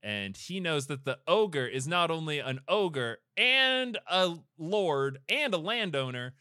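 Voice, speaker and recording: A man hosts a podcast and retells an old fairy tale in a loose, joking way, swearing often. His pitch moves a lot, and his voice is bright and forceful. It is recorded close and dry with no room sound. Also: takes it slowly, no echo. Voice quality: profane, animated and jokey.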